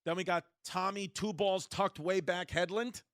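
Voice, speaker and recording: Bright high-voiced man reading fan names. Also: no room sound, clean studio sound. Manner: reads fan names in rapid deadpan bursts. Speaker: podcast co-host. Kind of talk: casual comedy podcast banter.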